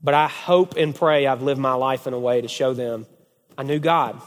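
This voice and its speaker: Animated pastor preaching in a reverberant hall. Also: male voice, medium pitch, normal speed. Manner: animated storytelling, repeated "okay?". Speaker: family pastor. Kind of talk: sermon to a men's group.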